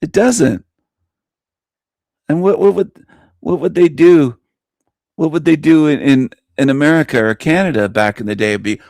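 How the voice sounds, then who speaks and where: A man's voice: fairly high pitch, normal speed, vocal fry, long pauses, a little mellow, no echo, studio quality. A man hosting a radio show, delivering an opinionated monologue with emphatic repetition and frequent chuckles. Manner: emphatic, repeats himself, chuckles between lines.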